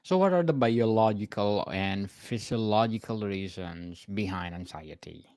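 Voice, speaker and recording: A man hosting a podcast interview, asking plain, measured questions. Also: lowish voice, animated, darkish tone, no room sound. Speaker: podcast host.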